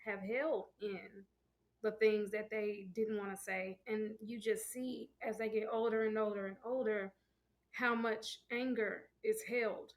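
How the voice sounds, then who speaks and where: A woman talks earnestly on a casual podcast and gives advice. Her pitch sits in the middle, and her delivery is steady and sincere. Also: measured pace. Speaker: podcast co-host. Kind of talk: casual chat.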